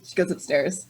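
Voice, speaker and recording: A woman playing a tabletop game, animated and quick to laugh, with a breathy voice. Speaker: player. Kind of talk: tabletop role-play.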